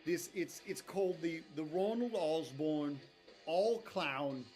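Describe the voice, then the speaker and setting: A man's voice: fairly high pitch, takes it slowly, a little mellow, faint music behind. A man playing a clown frontman hosting a charity call-in, with a hesitant, put-on British accent, calling everyone darling. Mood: chummy. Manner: fussy, calls everyone darling.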